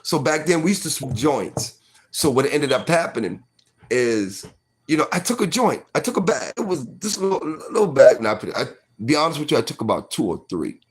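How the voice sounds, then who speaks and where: A man's voice: mid-range voice, sing-song, fairly quick, breathy edge. A man in his forties telling a personal story casually, full of fillers like "you know what I mean".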